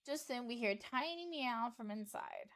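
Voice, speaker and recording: A woman's voice: a little high, lively intonation, moderate pace, a bit bright. A woman streamer narrating a game playthrough in a playful manner, reading the dialogue aloud.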